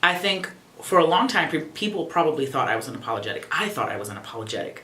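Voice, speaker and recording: A young adult woman vlogging casually at home, expressive, profane and sassy. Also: sits low, fast talker, roomy sound. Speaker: YouTuber. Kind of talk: casual reflective vlog.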